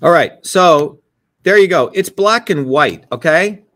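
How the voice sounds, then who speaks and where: A combative political host, talking in a scornful, heated way. His voice sits fairly high for a man. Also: lively intonation, fairly bright tone. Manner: combative, scornful, rapid asides to a producer.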